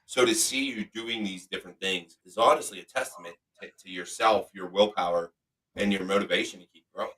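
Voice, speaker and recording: Bright-voiced, emphatic male podcast host. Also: low voice, fairly quick, distant mic, rough recording. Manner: emphatic, motivational, swears freely. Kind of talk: casual chat.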